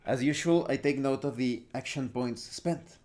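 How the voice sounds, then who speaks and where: A man's voice: mid-range voice, normal speed, a little mellow. A man hosting a solo tabletop game tutorial, explaining the rules and narrating the scene step by step with small restarts. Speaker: host and solo game player.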